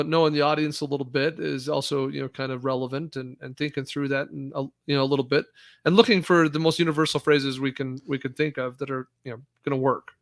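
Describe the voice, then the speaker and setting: Brief: male podcast host, slightly high voice, dry close mic, measured and steering the discussion. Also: a bit bright, dry recording. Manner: measured, guides the talk, addresses listeners. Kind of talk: casual conversational discussion.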